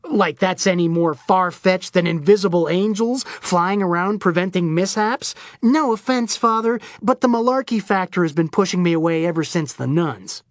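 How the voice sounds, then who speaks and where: A woman's voice: lowish voice, expressive, moderate pace, hardly any pauses, no echo, clean studio sound, lightly acted. A woman voicing a manic, wisecracking male Florida oddball who rambles theatrically and irreverently. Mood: sardonic. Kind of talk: audiobook character voice.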